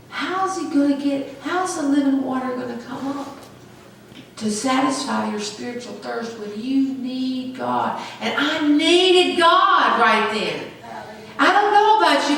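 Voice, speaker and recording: A woman's voice: high-pitched, fairly bright tone. A woman pastor preaching a sermon with emphatic call-and-response. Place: church sanctuary. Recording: echoey church from far off.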